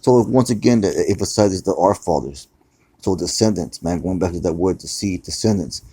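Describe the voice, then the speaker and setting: A man's voice: sits low, moderate pace, dark tone, breathy edge. A man teaching scripture in a loose, conversational way, repeating words and often saying "man". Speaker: preacher. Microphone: phone screen recording.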